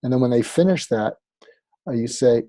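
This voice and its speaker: A man's voice: medium pitch, lively intonation, moderate pace, mellow, no room sound. A man, a psychiatrist and author, explaining advice as an interview guest in a conversational way, often with fillers. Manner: conversational, acts out sample dialogue, frequent fillers.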